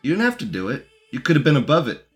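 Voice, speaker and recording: A man's voice: medium pitch, huge pitch swings, fast, faint music behind. Man mocking a debate clip casually. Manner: mocking, talks back to the clip. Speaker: commentator reacting to a debate. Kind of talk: casual commentary.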